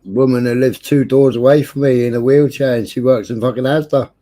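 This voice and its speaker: A man's voice: medium pitch, steady tone, fairly quick, mellow. A man co-hosting a livestream, chiming in with laid-back agreement and the odd swear. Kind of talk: casual livestream banter.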